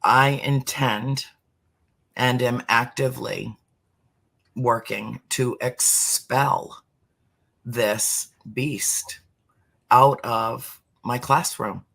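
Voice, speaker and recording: A middle-aged speaker talking earnestly about spirituality as a podcast guest, slowing down to stress words. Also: medium pitch, fairly even intonation, gravelly, fairly bright tone. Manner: earnest, emphatic, slows for emphasis. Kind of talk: heartfelt spiritual talk.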